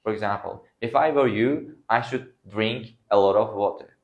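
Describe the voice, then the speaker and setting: This man, whose native language is Uzbek, teaches an English grammar lesson to a class. His pitch is fairly low and his pace moderate. He acts out the example sentences, and his phrasing is non-native.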